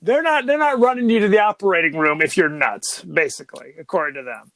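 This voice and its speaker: A man's voice: high voice, fast, fairly bright tone, dry recording. A man co-hosting a podcast, chatting casually and jokingly about a horror film, rambling with many restarts. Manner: rambling, jokey, lots of restarts. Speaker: podcast co-host. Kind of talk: casual movie discussion.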